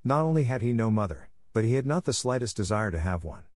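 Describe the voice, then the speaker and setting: A man narrating a classic children's story in a measured, even reading. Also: medium pitch, no room sound, studio quality.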